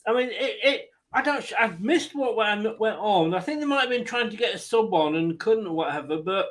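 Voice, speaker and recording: A man with a notably high voice commentates a live football match for fellow fans. He is excitable and quick to laugh. His delivery is casual and chatty. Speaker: watchalong host.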